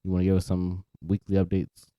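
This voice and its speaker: A man's voice: deep voice, completely flat delivery, brisk, mellow, dry recording. A young man co-hosting a podcast in a loose casual chat, trailing off, restarting and laughing often. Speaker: podcast co-host.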